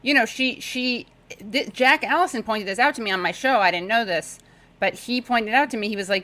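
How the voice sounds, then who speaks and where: A woman guest talking politics in casual chat, sarcastic and talkative, with quick asides. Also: medium pitch, pushed and bright, rough recording. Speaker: podcast guest.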